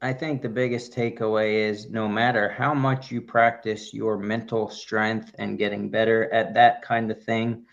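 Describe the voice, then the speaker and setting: A man's voice: lowish voice, flat delivery, measured pace, vocal fry, hardly any pauses. A man co-hosting a running podcast, talking in a casual, enthusiastic and rambling way with many restarts. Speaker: podcast co-host. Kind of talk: casual chat. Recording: dull lo-fi audio.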